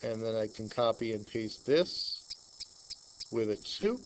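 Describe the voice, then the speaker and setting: A man with a Long Island accent teaching a math lesson, chatting and thinking out loud as he works through problems. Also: fairly low pitch, animated, unhurried, noisy background. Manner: chatty, thinks aloud while working problems. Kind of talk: screen-recorded math lesson.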